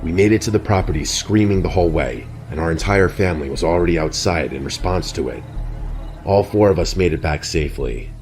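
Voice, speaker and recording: A man narrating a scripted horror story in a steady, even storytelling delivery. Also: sits low, fairly quick. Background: soft background music.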